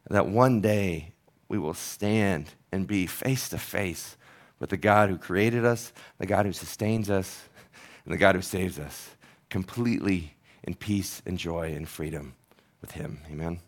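A man's voice: low voice, unhurried. A man who is a pastor, preaching a sermon in an earnest, conversational, storytelling manner.

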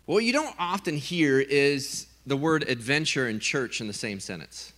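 A man preaching a sermon, telling a funny story with lively, animated delivery and acted-out voices. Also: fairly high pitch, moderate pace, few pauses. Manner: animated storytelling, acts out his own scared voice. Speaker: pastor.

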